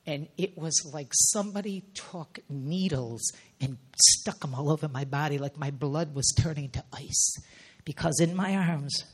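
A woman's voice: low voice, unhurried, husky. A middle-aged woman preacher giving an emotional sermon testimony, intense and often sinking to near whispers.

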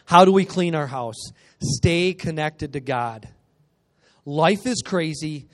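Guest preacher, male, high-pitched, energetic and humorous, call-and-response sermon in a church. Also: slow.

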